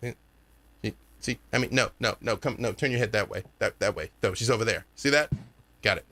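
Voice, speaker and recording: A man voicing an excitable young gang leader who rambles fast with many restarts. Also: fairly low pitch. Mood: excited.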